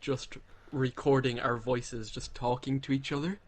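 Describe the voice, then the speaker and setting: A young man rambling easily through a casual podcast chat, tripping over his first words now and then. His pitch sits in a middle range. He talks over a headset from home. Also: measured pace. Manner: relaxed, rambling, stammers at starts. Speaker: podcast co-host. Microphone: headset in an online party.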